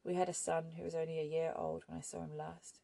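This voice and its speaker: A woman reading a quiet, resigned young man, gravelly. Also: low voice, little pitch movement, fast talker, no echo, heavily acted. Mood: sorrowful. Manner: soft-spoken, never raises voice.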